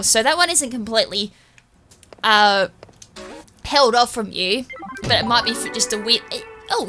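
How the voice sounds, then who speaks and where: An Australian woman streams a video game, giving let's-play commentary in a rambling way and correcting herself as she goes. Her medium-pitched voice sounds pushed and bright.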